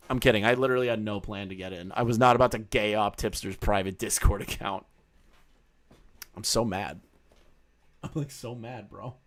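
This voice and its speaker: A man commenting casually on a live stream, excitable and mocking, with bursts of shouting. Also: mid-range voice, moderate pace, long pauses.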